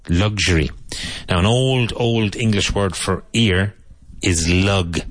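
A man with a very low voice teaches English words to Spanish speakers. He repeats each word slowly and explains how it is pronounced. The sound is dry and close. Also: dry recording. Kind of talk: vocabulary lesson for Spanish speakers.

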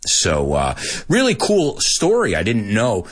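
A man teaching English to Spanish speakers in a casual, animated show, acting out lines and then translating them. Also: lowish voice, unhurried. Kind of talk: bilingual language lesson, casual and animated.

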